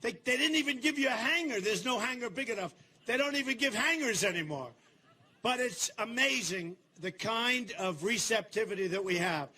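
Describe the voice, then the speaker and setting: High-pitched older man rallying a crowd. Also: animated, moderate pace. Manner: boastful, repetitive, talks to the crowd in asides; shouts slogans to the crowd. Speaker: political candidate. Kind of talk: campaign rally speech. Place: large rally venue.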